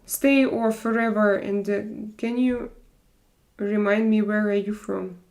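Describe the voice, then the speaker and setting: Gravelly-voiced woman hosting a live chat. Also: mid-range voice, steady tone, darkish tone. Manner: earnest, measured, answers viewers by name. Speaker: live stream host. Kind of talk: casual live chat reading viewer comments.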